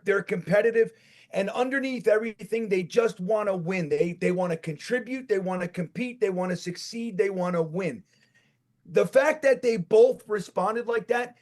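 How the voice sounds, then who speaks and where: A man co-hosting a casual sports podcast with a New York accent, talking in an animated, profane rant that builds to shouts. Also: high voice. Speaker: podcast co-host.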